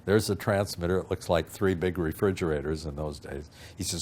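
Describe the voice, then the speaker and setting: An older man recounting a story in a relaxed, rambling interview style, often acting out what other people said. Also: sits low, fairly quick, a little hiss or hum. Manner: rambling, acts out quoted voices, frequent fillers. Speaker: interview guest. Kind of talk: anecdotal storytelling.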